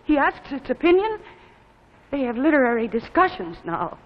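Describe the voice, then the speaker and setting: An actress playing a worried, sharp-tongued grown daughter speaking urgently, in a live 1950s TV drama. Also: female voice, high-pitched, big pitch swings, normal speed. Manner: tense, urgent. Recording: dull 1950s TV audio with faint noise.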